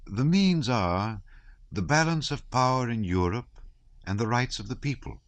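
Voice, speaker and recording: A man's voice: medium pitch, lively intonation, measured pace, no room sound, pitched above the performer's own voice, lightly acted. A man voicing a pompous abbé who explains his pet theory in a lecturing tone. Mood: earnest. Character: pompous middle-aged male abbé theorist.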